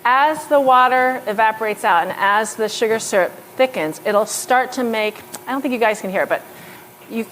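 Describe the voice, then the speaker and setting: A woman's voice: a little high, moderate pace, fairly bright tone, slight background noise. A woman giving a live cooking demonstration as a lecturer in a hall, explaining each step in a chatty way with fillers. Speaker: pastry chef lecturer.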